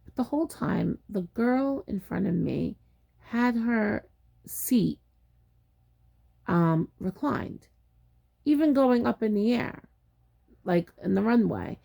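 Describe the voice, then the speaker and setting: A woman's voice: mid-range voice, expressive, slow pace, vocal fry, long pauses, mellow. A woman casually telling a personal story in a chatty, exasperated way, acting out what people said. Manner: chatty, exasperated retelling with acted-out quotes.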